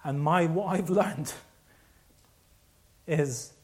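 Male preacher, slightly high voice, animated sermon storytelling, stumbles and restarts. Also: extremely slow.

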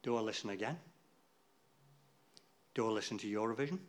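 A man's voice: on the low side, animated, brisk. A man giving an informal, rambling talk to a church group, chatty and losing his place now and then.

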